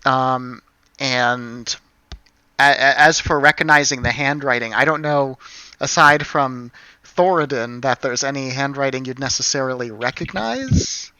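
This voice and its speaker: A man narrating a tabletop game as game master, unhurried, with many ums. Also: medium pitch, sharp tone, clear, resonant tone, no room sound, rough recording.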